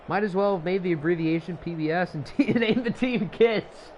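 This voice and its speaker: A man's voice: high-pitched, normal speed, hardly any pauses, darkish tone, a little hiss or hum. A man casually commentating a video game football league on a live stream, rambling into chatty asides between plays.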